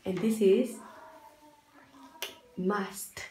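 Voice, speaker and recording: A woman's voice: medium pitch, fairly even intonation, extremely slow. A young woman teaching an English lesson to children over a video call, patient and encouraging. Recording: echoey room, faint noise.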